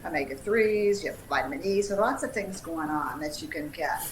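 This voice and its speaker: A woman's voice: deep voice, animated, brisk. Woman, Southern accent, dietitian, upbeat and chatty, echoey room, faint background hum. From Tennessee. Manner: upbeat, laughs often, chatty. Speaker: dietitian, featured speaker. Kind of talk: casual livestream talk.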